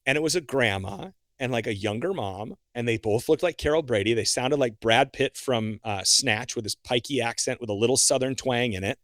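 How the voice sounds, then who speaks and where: A young man, a guest on a podcast, telling a story in a casual, animated way. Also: medium pitch, a little fast, few pauses, dry recording, studio quality. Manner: animated, acts out his own reactions.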